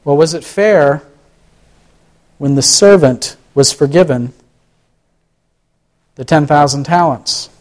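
A man's voice: a little high, measured pace, long pauses, darkish tone. A man giving a conversational sermon, asking the listeners rhetorical questions and often restarting his phrases. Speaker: pastor.

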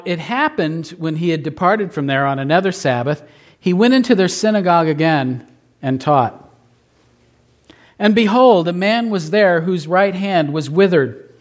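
A man's voice: sits high, animated, unhurried, pauses often. A man preaching a sermon to a congregation, often posing rhetorical questions and adding playful asides. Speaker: pastor.

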